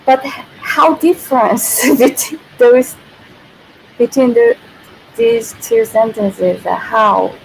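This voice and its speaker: A woman with a Korean accent teaches her native language on a casual livestream, speaking slowly with a fairly high, fairly even voice, vocal fry and frequent pauses. She giggles often and restarts and repeats her phrases. The recording is rough, made on a built-in device mic with no external microphone, and carries faint background noise.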